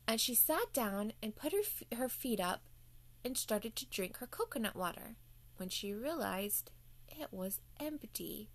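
A woman's voice: fairly high pitch, big pitch swings, a little slow. A woman telling a playful bedtime story to children as the show's host.

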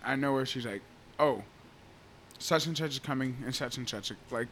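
Bright-voiced young man in casual podcast chat. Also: mid-range voice, normal speed, slight background noise. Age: 20s. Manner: animated storytelling, laughing, says "bro" often. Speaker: podcast co-host.

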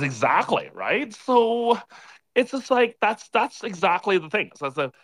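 A man's voice: high-pitched, very animated, unhurried, a bit bright, dry recording. A man calling into a live audio chat from a bar, a bit tipsy from beer, rambling and exasperated with lots of filler words. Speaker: caller.

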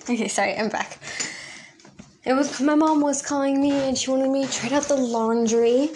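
A woman's voice: sits high, moderate pace, a little mellow, a little hiss or hum. A teenage girl chatting alone on a casual podcast from home, rambling with lots of ums and likes and laughing often. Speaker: podcast co-host. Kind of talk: solo casual podcast chat. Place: home room. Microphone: home recording app.

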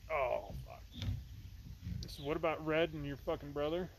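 A man's voice: a little high, normal speed, gravelly. Dry, sarcastic young man, outdoor noise. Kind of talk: casual chat with friends outdoors.

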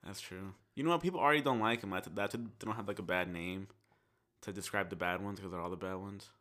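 Lower-voiced man teasing in deadpan. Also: fast talker. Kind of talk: casual chat.

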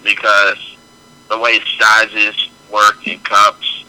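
A man co-hosting a podcast in a low voice with a very bright, sharp edge. He talks casually and thinks things through out loud. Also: drawn-out words, rough recording. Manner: relaxed, reasons things out aloud. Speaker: podcast co-host. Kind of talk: casual chat.

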